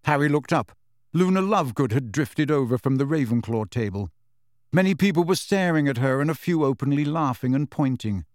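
A man's voice: mid-range voice, animated, darkish tone, dry recording. Man reading a storybook, dry close sound. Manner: measured storytelling. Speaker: audiobook narrator. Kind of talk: scripted narration.

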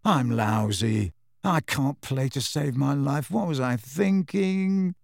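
A man voicing a nervous teenage boy with a low, croaky, miserable whisper of a voice in an audiobook. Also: slow pace, a little mellow, no room sound, clean studio sound.

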